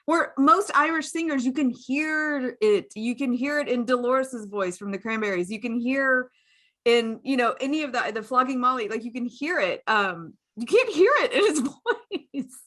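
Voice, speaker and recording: A woman's voice: high voice, expressive, normal speed, a bit bright. Giggly, foul-mouthed woman co-hosting a podcast. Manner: laughs often, swears, self-deprecating. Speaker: podcast co-host. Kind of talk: casual chat.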